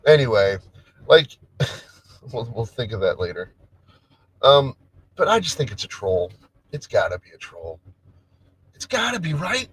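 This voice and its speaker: A man's voice: lowish voice, very animated, a little slow, long pauses, husky, rough recording. A man hosting a casual solo livestream, chatting in a rambling way with lots of restarts and trailing thoughts. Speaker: livestream host. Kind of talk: casual solo stream chat.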